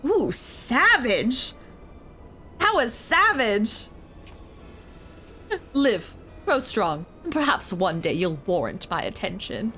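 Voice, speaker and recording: A young woman chatting through a game stream, excitable and giggly, quick to get emotional. Her voice is bright and lifted, bouncing all over the place. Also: on the high side, soft background music. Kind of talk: casual game streaming commentary.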